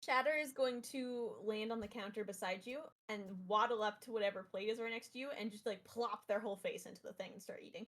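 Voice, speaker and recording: A woman narrating as game master, relaxed and chatty with many fillers. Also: on the high side, quick pace, few pauses.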